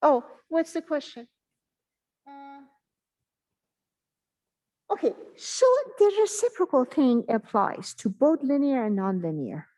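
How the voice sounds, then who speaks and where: A woman giving a math exam review in an online class, talking in a halting way and thinking aloud with many pauses and fillers. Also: high voice, lively intonation, warm tone, low-quality recording. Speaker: math instructor.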